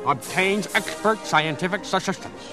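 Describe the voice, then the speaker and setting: A man giving deadpan, authoritative narration in a mock instructional film. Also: sits high, moderate pace, over music.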